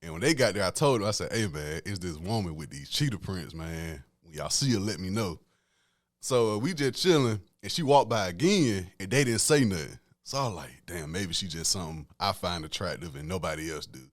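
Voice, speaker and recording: A young man hosts his podcast alone, telling stories in loose slang and laughing often. His voice sits low but swings widely in pitch. The sound is close and dry, with no room around it. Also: brisk, no room sound. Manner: animated, laughing storyteller, slangy. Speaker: podcast host. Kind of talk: casual solo storytelling.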